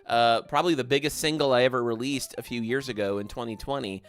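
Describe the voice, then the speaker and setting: A man hosting a gaming livestream, chatting casually and warmly thanking viewers by name as he reads their comments. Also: mid-range voice, quick pace, clean tone. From American South.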